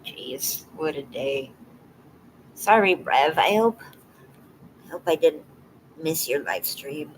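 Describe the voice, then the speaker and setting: A woman live streaming and chatting casually with her viewers, teary and emotional, talking in a halting, soft way that often trails off into a whisper. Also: low-pitched, lively intonation, slight background noise, rough recording.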